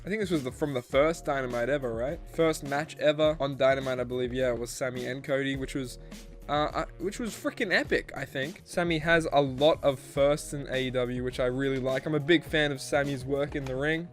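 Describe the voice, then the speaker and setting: A man with an Australian accent, joking and getting excited as he unboxes and reviews a collectible figure. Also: mid-range voice, fairly quick, faint music behind. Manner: goofy, jokey, excitable. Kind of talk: casual unboxing chat.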